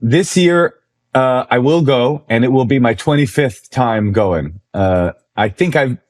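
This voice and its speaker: A man in his forties, a comedian guest, telling a story in a conversation, animated and self-deprecating. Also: mid-range voice, unhurried.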